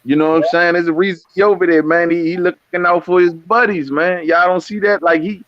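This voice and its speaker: A man calling in as a guest, easygoing and loose, ending lines with "man." His slightly high voice comes over dull, dry call audio. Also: steady tone, a little fast, no room sound. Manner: laid-back, keeps saying "man".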